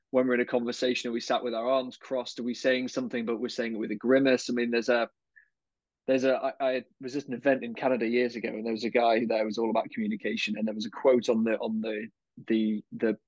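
A man's voice: mid-range voice, no room sound. A man speaking as a coaching guest on a podcast, thoughtful, often repeating words as he finds his phrasing. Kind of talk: conversational podcast interview. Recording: dull, slightly lo-fi dry sound.

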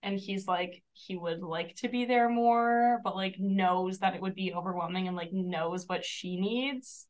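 A young woman explains a novel's plot on a casual podcast, earnest and careful. Her voice sits in a middle pitch range. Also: unhurried, hardly any pauses, rough recording. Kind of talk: casual book-podcast chat.

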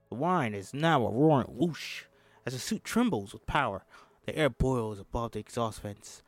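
A man reads a film script aloud in a casual, mid-pitched voice, stopping now and then for a joking aside. The recording is dry and close, with faint music in the background. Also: expressive, moderate pace, no echo. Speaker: script reader.

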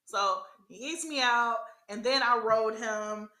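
A young woman talks through a wild personal story for a podcast, swearing freely and breaking into laughs. Her voice sits a little high and bright, and the room around her rings with echo. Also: slow. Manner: animated, profane, laughs often. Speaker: podcast host. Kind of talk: casual storytelling chat.

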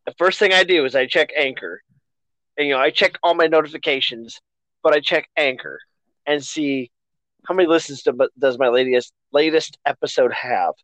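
A man's voice: on the high side, moderate pace, fairly bright tone, no room sound, low-quality recording. A man hosting a casual podcast, chatting in a rambling, self-deprecating way. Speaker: podcast host.

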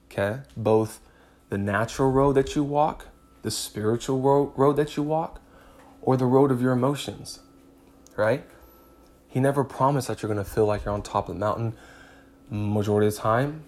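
A man's voice: fairly low pitch, darkish tone. A man hosting a faith podcast, preaching in an emphatic way, repeating phrases and chuckling as he goes. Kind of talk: sermon-style podcast talk.

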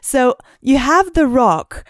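A woman co-hosting a podcast, chatting casually about a movie and mocking lines in a high voice. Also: slow pace, no room sound, studio quality. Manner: animated, mocking quotes in a high voice. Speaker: podcast co-host.

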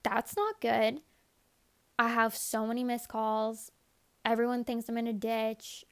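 A young woman telling a story straight to camera, casual and unfiltered. Her voice sits a bit high and carries plenty of vocal fry. She keeps dropping into quoted inner monologue and fills her talk with "like". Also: fairly even intonation, unhurried, fairly bright tone. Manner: candid, profane, rambling with many "like"s; acts out her own inner thoughts in quotes.

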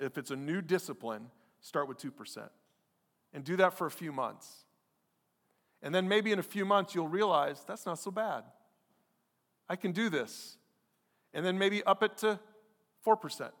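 Conversational pastor preaching in a hall. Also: male voice, on the high side, moderate pace, long pauses, a bit bright. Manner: conversational, emphatic, acts out listeners' objections. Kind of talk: sermon.

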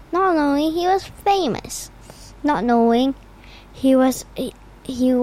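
A woman reading a children's storybook aloud in an unhurried way, with occasional slips and restarts. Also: on the high side, darkish tone, poor audio. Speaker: reader.

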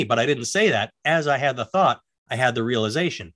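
A middle-aged man chatting casually, with a voice of ordinary pitch. He rambles through stories, restarts his sentences and jumps into the voices of the people he is quoting. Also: animated, fast talker, fairly bright tone, dry recording. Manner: rambling, self-interrupting, acts out quoted voices. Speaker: podcast co-host. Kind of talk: casual chat, storytelling.

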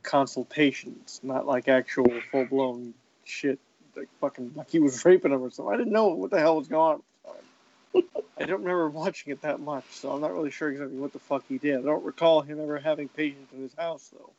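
Man, podcast co-host, higher pitch, dry muffled lo-fi sound, rambling. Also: fairly quick, darkish tone. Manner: rambling, fillers and restarts. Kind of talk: casual podcast chat.

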